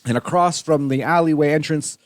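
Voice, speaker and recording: Speaking a little fast and on the high side, a young Canadian podcast host rambles through casual, profanity-laced stories. He turns animated when he retells them, and the studio-quality audio has no echo.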